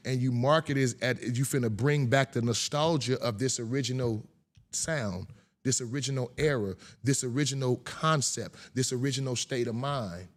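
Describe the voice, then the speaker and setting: A man in casual podcast conversation, talking in an animated way and repeating himself for emphasis. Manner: animated, repeats himself, imitates bass sounds.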